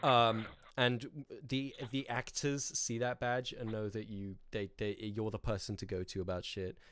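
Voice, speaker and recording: A man's voice: on the low side, level tone, a little slow, a bit bright, clean tone. A man hosting a casual live chat show, bantering with dry teasing humor. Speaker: show host.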